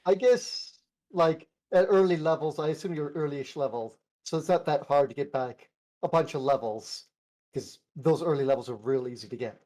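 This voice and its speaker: A man's voice: a little high, normal speed, warm tone, low-quality recording. A man co-hosting a casual gaming podcast, rambling and laughing often as he chats. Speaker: podcast co-host. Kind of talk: casual chat.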